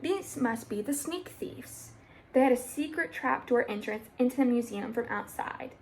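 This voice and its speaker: Young woman reading a children's story, gravelly. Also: a little high, moderate pace, a little hiss or hum, low-quality recording. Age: young adult. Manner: steady, plain storytelling. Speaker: storybook reader. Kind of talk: reading a children's book aloud.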